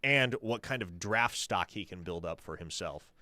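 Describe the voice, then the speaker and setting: Low-voiced confident sports radio host. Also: male voice, expressive, moderate pace, sharp tone, dry recording. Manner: confident, reads listener questions and answers them. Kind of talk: sports talk radio analysis. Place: radio studio.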